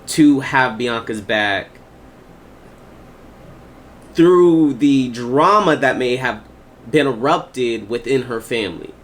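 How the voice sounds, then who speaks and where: Slow, emphatic man reacting. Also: mid-range voice, slight background noise. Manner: emphatic, repeats himself, says "bruh". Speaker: reaction video host. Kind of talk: casual reaction commentary.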